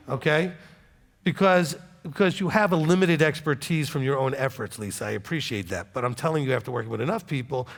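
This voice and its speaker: A man's voice: mid-range voice, gravelly. A man, a rabbi, chatting animatedly while answering congregation questions, with many okays. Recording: long hall reverb.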